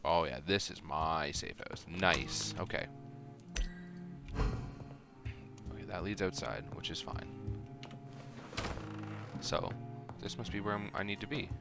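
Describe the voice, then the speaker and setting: A man's voice: deep voice, slow pace, long pauses. A man streaming a video game, muttering to himself and cracking wry asides at the characters. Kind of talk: gaming livestream commentary. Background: loud game music.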